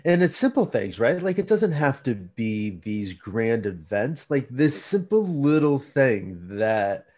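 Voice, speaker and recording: A man hosting a podcast, speaking in a reflective, measured way as he thinks aloud. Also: mid-range voice, sing-song, darkish tone. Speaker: podcast host. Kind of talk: casual conversational interview.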